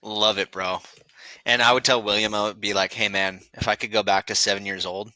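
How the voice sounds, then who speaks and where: A man's voice: lowish voice, little pitch movement, a little fast, sharp tone, no echo. A man co-hosting a podcast in casual, joking chat. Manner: joking, calls partner bro. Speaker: podcast co-host.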